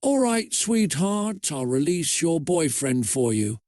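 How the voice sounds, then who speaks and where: A man's voice: fairly high pitch, sing-song, takes it slowly, a little mellow, no echo, clean studio sound. Berdine, a man voicing a mocking girl villain. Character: cruel teenage girl villain, mocking and menacing.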